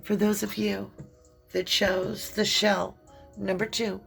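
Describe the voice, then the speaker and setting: A woman with a creaky, mid-range voice and little pitch movement gives an emotional tarot reading over faint background music. She cries as she speaks, slow, heartfelt and soothing.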